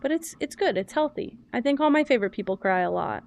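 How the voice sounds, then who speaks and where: A young adult woman streams a game while chatting casually and openly in an animated, chatty way, describing herself as loud and yappy. Her voice is on the high side and fast.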